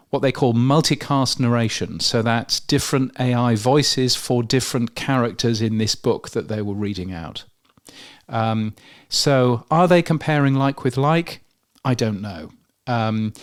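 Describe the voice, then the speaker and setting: A man with a London accent co-hosting a podcast news show, talking through research with lots of ums and restarts. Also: medium pitch. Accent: London English. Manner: hesitant, many fillers and restarts. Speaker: podcast co-host. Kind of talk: casual news chat.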